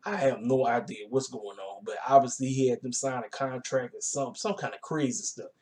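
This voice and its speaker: A man talks through a wrestling show in a loose, rambling recap, full of fillers and slang. His voice sits at an ordinary middle pitch colors the easygoing delivery. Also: fairly even intonation, normal speed, darkish tone. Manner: laid-back, colloquial, rambling with fillers.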